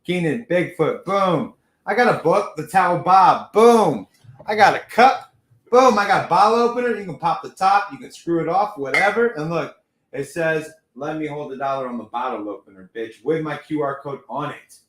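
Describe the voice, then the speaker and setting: A man's voice: on the high side, lively intonation, normal speed, fairly bright tone, reverberant. A man plugging his merch and joking crudely during a casual live-stream chat. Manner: loose and crude, joking, trails off. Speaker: guest.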